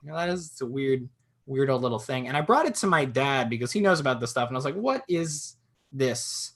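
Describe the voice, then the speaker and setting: A young man doing a stand-up comedy set from home, telling jokes with deadpan punchlines and acting out silly voices. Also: mid-range voice, fast. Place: at home in a swivel chair.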